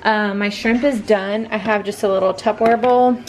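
A woman's voice: mid-range voice, steady tone, normal speed, background noise. A woman and mother casually talking through her cooking step by step in a home kitchen vlog. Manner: chatty, talks through each cooking step. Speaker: vlogger and mother.

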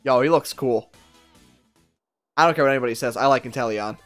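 A man giving casual gameplay commentary, excitable and profane, talking back at the characters on screen. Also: medium pitch, brisk, faint music behind. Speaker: let's play gamer.

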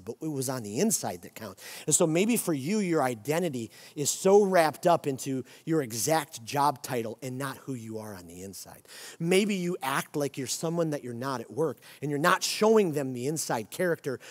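A pastor in his forties preaching a sermon, with emphatic, repeated declarations. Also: medium pitch. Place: church sanctuary. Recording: long reverb of a church hall.

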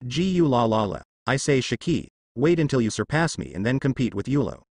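A man's voice: mid-range voice, very animated, a little fast, dry recording, clean studio sound. A man voicing a teasing older male pirate captain in a narrated fan story, speaking mockingly.

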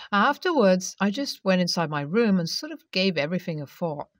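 Female narrator, first-person story read aloud, steady delivery, dry sound, slightly off-mic. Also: mid-range voice, no room sound, distant mic.

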